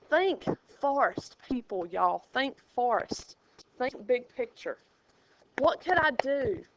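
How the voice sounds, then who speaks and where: A woman's voice: sits high, fairly bright tone, a little hiss or hum. Playful woman teaching math. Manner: playful, sing-song asides. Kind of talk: classroom lecture. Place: classroom. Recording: dull lo-fi classroom recording.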